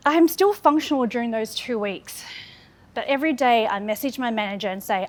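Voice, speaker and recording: This Australian speaker in her thirties has a fairly high pitch and talks a little fast. Her speech is candid and earnest storytelling about her own experiences, structured around phrases she repeats.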